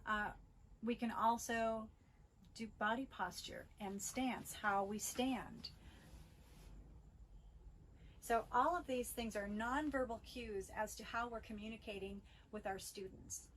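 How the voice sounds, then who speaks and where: A middle-aged woman presenting a school bus safety training video in a measured, instructional way, with the occasional filler. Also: a little high, steady tone, a little hiss or hum, low-quality recording.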